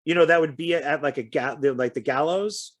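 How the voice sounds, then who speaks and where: A man's voice: a little high, fairly quick. A man co-hosting a casual film chat, chatty and hesitant, often stumbling over his words. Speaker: co-host.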